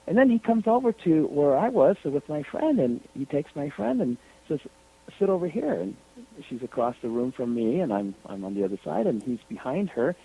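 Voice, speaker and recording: A man guest on a radio interview, telling a story in an animated, lively way over the phone. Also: mid-range voice, normal speed, slightly rough. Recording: tinny phone line.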